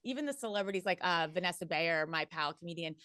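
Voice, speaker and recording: A woman in her forties, a guest in a casual chat, telling stories in an animated way, swearing and laughing often. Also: on the low side, fast talker, dry recording, clean studio sound.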